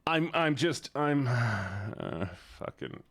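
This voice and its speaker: A man's voice: mid-range voice, very animated, takes it slowly, fairly bright tone, slightly rough, dry recording. A man streaming live, reacting to viewer submissions in casual chat, often sighing, swearing and repeating himself in exasperation.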